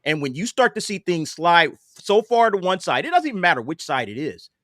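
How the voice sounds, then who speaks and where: A man holds forth in a casual political panel discussion, pressing his points with emphasis and repeating himself. He keeps stumbling into fillers and restarts as he talks. His voice sits a touch high, and the sound is dry and close. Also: big pitch swings, a little fast, a bit bright, no echo. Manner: emphatic, repetitive, with many fillers. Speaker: panel guest.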